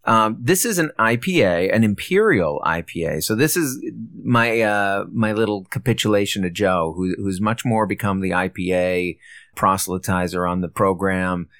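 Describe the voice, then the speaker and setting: Low-voiced man co-hosting a chatty podcast. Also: moderate pace, no echo, studio quality. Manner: relaxed, chatty, stumbles and restarts. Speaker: podcast co-host. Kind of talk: casual film and beer chat.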